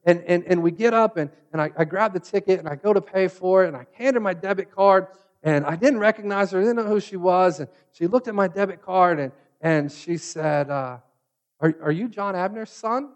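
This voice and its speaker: Male pastor with a high voice; conversational sermon delivery, acts out quoted lines. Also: fairly quick. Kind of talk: sermon with personal storytelling.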